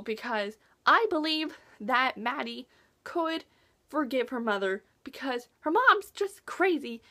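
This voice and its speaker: A high-voiced teenage girl talking in a casual book review vlog. She gushes in a chatty way, full of "like" fillers, and reacts with lively asides as she retells the story. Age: teens.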